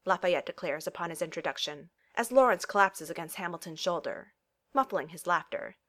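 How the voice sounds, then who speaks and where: A woman's voice: fairly low pitch, animated, a little fast, fairly bright tone. A woman reading a story aloud, telling it expressively and giving quoted characters their own voices. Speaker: narrator. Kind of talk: reading fan fiction aloud.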